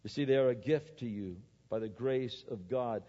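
A man preaching a sermon as a pastor, animated, swinging between loud exhortation and quiet asides. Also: medium pitch, moderate pace. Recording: muffled, with long hall reverb.

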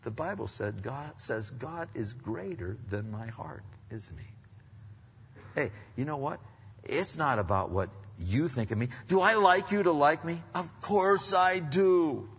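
A middle-aged man preaching a conversational sermon as pastor, swinging between loud emphasis and hushed asides. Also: on the high side, expressive, measured pace, breathy edge. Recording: dull sound with long hall reverb.

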